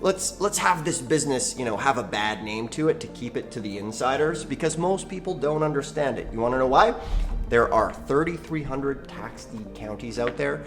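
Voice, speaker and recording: A man hosting his own channel, teaching investing to camera in an animated, folksy storytelling way. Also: mid-range voice, moderate pace, faint music behind. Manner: animated, folksy, acts out quoted dialogue. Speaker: channel host, real estate investing educator.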